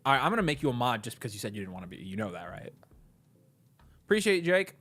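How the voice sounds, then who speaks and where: A man's voice: medium pitch, big pitch swings, racing, a bit bright. A man co-hosting a casual livestream, reading chat, thanking viewers and joking between topics. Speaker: livestream co-host.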